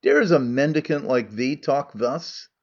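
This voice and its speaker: A man's voice: medium pitch, big pitch swings, measured pace, vocal fry, highs cut off, exaggerated voice. A man reading as a pompous blustering warrior. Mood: bombastic. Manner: pompous, bombastic. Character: boastful pompous male warrior general.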